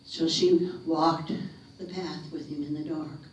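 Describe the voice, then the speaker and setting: Slow, dramatic woman folk storyteller from North Carolina, hushes for suspense; heavy echo, distant camera mic. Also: low voice, level tone. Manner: dramatic, slows and drops to a whisper for suspense. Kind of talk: theatrical ghost-story telling. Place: living room of a retirement community. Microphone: room camera mic at a distance. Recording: echoey room, mic far off.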